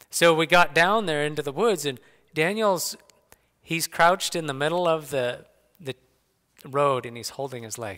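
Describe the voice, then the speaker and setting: Middle-aged man, church speaker, animated folksy anecdotes; clear bright voice, long hall reverb. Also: a little high, moderate pace. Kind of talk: personal storytelling talk. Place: church sanctuary.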